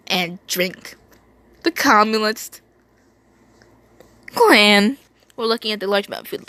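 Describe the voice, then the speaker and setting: A woman's voice: medium pitch, fairly bright tone. Woman stumbling through a story aloud. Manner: stumbling, repeating words, breaking off to comment. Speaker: reader. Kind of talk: reading a fan story aloud.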